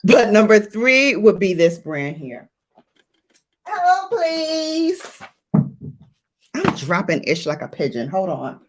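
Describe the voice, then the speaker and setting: A woman's voice: fairly low pitch, normal speed, hardly any pauses. A woman hosting a beauty livestream, chatting playfully and greeting viewers by name. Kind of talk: casual livestream chat.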